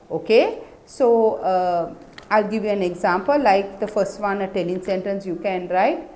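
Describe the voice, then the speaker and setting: A woman's voice: medium pitch, a little mellow. A woman teaching an English lesson to young children, explaining patiently and checking understanding with tag questions. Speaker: primary school teacher.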